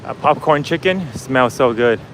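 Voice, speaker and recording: A man's voice: mid-range voice, expressive, unhurried, a bit bright, slight background noise, low-quality recording. A man vlogging casually as he walks outdoors, chatting with his viewers and laughing easily. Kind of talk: casual walking vlog. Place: outdoors on a busy city street.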